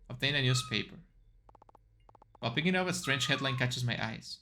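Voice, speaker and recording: A man's voice: medium pitch, lively intonation, normal speed, long pauses, sharp tone, slight background noise. A man streaming a game, reading its text aloud and chatting between reactions. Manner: reads aloud, then chats and reacts with yelps.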